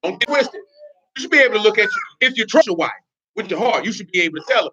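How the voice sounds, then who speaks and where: A man's voice: high-pitched, expressive, rapid-fire, sharp tone, slight background noise. A man giving informal, blunt religious teaching in streetwise slang, with laughing asides. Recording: dull lo-fi recording.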